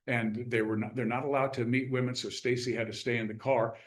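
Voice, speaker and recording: A man speaking as a guest author at a club meeting. He tells a story with animated energy and acts out what people said. His voice sounds roomy, with a noticeable echo from the room around him. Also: mid-range voice, fairly quick. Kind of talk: casual storytelling talk.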